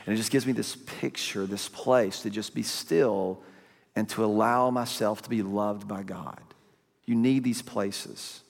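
A man preaching a sermon in a conversational, animated way, breaking into sudden loud bursts. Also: lowish voice, a little slow, vocal fry. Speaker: pastor. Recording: long hall reverb.

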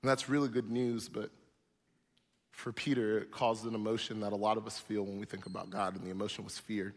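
A man's voice: fairly low pitch, little pitch movement, normal speed, pauses often, long reverb tail. A man preaching a sermon as pastor, emphatic and repetitive, building in force.

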